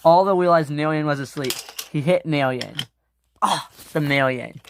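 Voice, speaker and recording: A storyteller narrating a home-made toy train adventure, with halting restarts and filler words. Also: mid-range voice, slight background noise.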